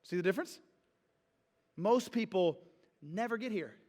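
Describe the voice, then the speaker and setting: A man preaching a sermon, telling stories in a conversational, animated way and drawing the congregation in. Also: sits high, unhurried. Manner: conversational, animated storytelling with a call-and-response feel. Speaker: pastor. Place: church sanctuary. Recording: reverberant church hall.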